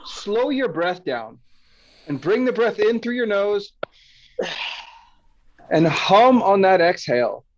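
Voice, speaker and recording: A man coaching calmly and frankly through a stress exercise, sometimes swearing and acting out frustrated thoughts. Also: sits high, slow pace, pauses often, dull audio, slight background noise. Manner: frank, swears, acts out frustrated inner voices. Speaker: panel speaker. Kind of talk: casual coaching talk.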